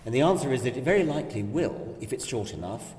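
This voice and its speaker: An older man explains ideas in a measured conversational discussion, restarting a phrase now and then. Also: medium pitch, animated, a little mellow. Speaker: discussion guest. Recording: echoey hall, distant mic.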